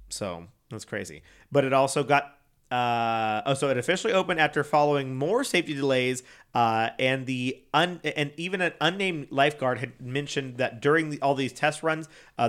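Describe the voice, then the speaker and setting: A man's voice: medium pitch, fairly bright tone. A young man telling a story in casual chat, rambling, swearing freely and laughing often. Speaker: podcast co-host.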